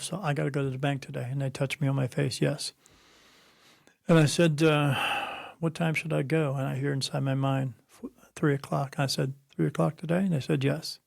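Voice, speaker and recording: A man's voice: fairly high pitch, gravelly, a little mellow, no room sound, clean studio sound. A middle-aged man, a spirit medium being interviewed, telling stories bluntly and preachily and acting out the voices of people he quotes. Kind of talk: conversational interview, storytelling.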